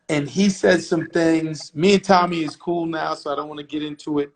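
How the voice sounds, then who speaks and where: A middle-aged interview guest tells an old story fairly quickly with few pauses, his voice sitting a little high. He's brash, swears, and animatedly performs others' lines, on a low-quality recording with a little hiss or hum.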